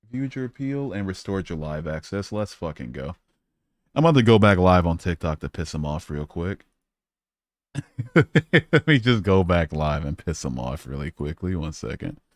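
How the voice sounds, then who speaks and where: Male streamer, deep voice, dry close-mic sound, casual and profane chat. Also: no room sound. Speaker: livestream host.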